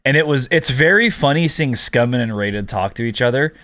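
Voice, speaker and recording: A man's voice: medium pitch, expressive, a little fast, fairly bright tone, dry recording, studio quality. A man co-hosting a gaming podcast in casual chat, telling stories in a laid-back way and acting out what others said. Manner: laid-back storyteller who acts out quotes. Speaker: podcast co-host.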